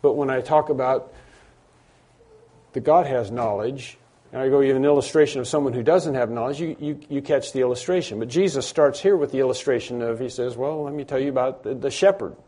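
Mellow-voiced man preaching a sermon. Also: mid-range voice, a little fast. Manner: emphatic preaching with repeated phrases and restarts. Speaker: pastor.

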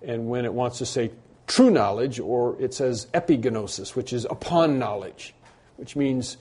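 Brief: male pastor, warm mellow tone, teaching sermon, loose and conversational, punches key words. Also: mid-range voice, unhurried, husky. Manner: conversational preaching with frequent fillers and restarts; rises to emphatic bursts on key points. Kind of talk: expository sermon.

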